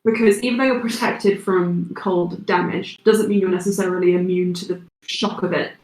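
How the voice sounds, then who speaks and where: A woman's voice: fairly low pitch, fairly even intonation, moderate pace, darkish tone, reverberant, poor audio. A woman narrating a tabletop role-playing game as its game master, describing the scene for the players.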